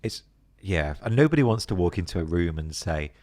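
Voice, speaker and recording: A middle-aged British man talking as a podcast guest, telling stories in a casual, animated way and acting out other people's voices. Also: low-pitched, brisk, dry recording, studio quality. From Britain. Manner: animated, acts out voices of others mid-story. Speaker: podcast guest, business co-founder. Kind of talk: casual interview chat.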